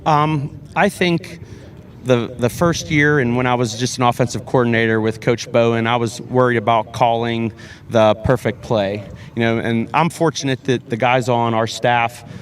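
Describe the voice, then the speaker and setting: Man, football head coach, earnest interview answers, halting with repeats and fillers. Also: medium pitch, fairly even intonation. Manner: earnest, repeats words, many fillers and restarts. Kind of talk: sports interview.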